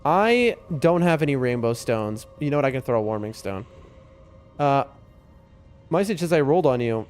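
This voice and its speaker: A man's voice: mid-range voice, big pitch swings, normal speed, darkish tone, clean tone, soft background music. Chatty man streaming a game. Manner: chatty, rambling, talks to chat and his cat. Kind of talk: casual live-stream chat. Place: home room.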